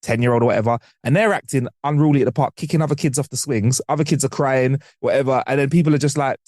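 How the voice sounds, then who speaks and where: A man's voice: mid-range voice, fast talker, no room sound, clean studio sound. A man co-hosting a podcast in casual, slangy chat, acting out what people say. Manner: animated, slangy, acts out quotes. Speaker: podcast co-host.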